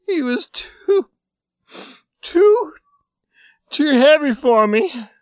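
A man's voice: high-pitched, flat delivery, extremely slow, no echo, voice pushed up. A man voicing a beaten young fighter who stammers and falters through tears. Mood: broken. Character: young beaten male fighter, weak, tearful.

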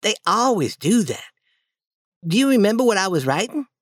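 A woman voicing an eager, boastful young schoolboy in a storybook reading, coaxing and lively. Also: mid-range voice, moderate pace, no echo, clean studio sound.

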